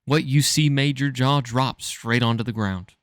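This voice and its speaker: A man's voice: mid-range voice, moderate pace, dry recording, studio quality. A man co-hosting a podcast, reading a choose-your-own-adventure story aloud and stumbling over words with amusement.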